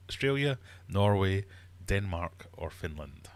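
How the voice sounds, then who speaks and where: Brief: male livestream quizmaster, lowish voice, playful and teasing, fish room. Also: expressive, a little slow. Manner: playful, teasing, mock-uppity. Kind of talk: live-streamed quiz chat.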